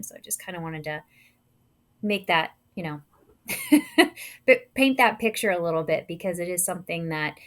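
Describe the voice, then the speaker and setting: A woman guest on a podcast, speaking earnestly and with conviction in conversation. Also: fairly low pitch.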